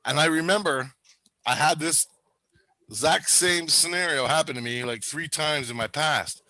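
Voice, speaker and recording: A man telling a wild story in casual chat, animated and profane, acting out what people said. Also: a little high, moderate pace. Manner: animated, profane, acts out quotes.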